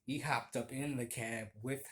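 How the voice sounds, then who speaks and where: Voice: medium pitch, fairly even intonation, measured pace, slight background noise. A former barista telling a story in a chatty, gossipy way, laughing often and swearing casually.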